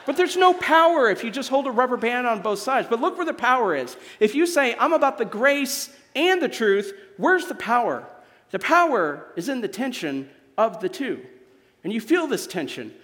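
A young adult man from Missouri preaching a sermon as a guest speaker, animated and joking with the congregation. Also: very high-pitched, normal speed, long reverb tail. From Missouri, USA. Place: church sanctuary.

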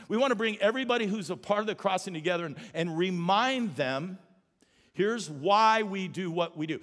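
Male pastor, high voice, lively conversational sermon, church hall reverb. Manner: animated, conversational preaching with humor. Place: church auditorium. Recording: long reverb of a large hall.

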